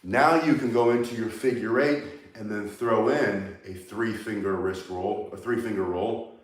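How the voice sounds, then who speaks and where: A man's voice: on the low side, fairly even intonation, measured pace, roomy sound. A man teaching a staff-spinning lesson, coaching step by step and getting out of breath as he works out with the staff. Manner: coaching, talks while moving. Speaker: martial arts instructor. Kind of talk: demonstration tutorial.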